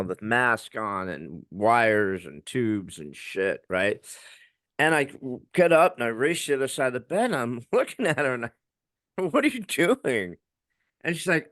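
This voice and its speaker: Man with a lively, dry voice. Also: mid-range voice, moderate pace, no echo. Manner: raw, swearing, quotes himself shouting. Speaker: podcast co-host. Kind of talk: emotional personal storytelling.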